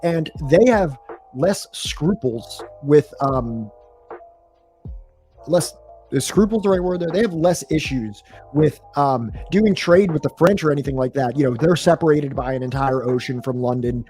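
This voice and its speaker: A man co-hosting a history stream, reading from a book and explaining it in his own words, pausing often with fillers and correcting himself as he goes. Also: a little high, darkish tone, faint music behind. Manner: thoughtful, with frequent fillers and self-corrections.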